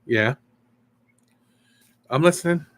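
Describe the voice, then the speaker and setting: A man's voice: on the high side, lively intonation, slow. A middle-aged man hosting a casual live stream, rambling and chatting with viewers as he reads their comments.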